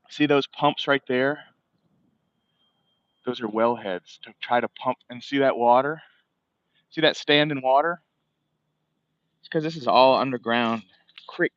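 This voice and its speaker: A man's voice: mid-range voice, no room sound, highs cut off. A man, livestreaming as he walks outdoors by the water, talking casually, cursing often and ranting, a bit out of breath. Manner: profane, rambling, ranting.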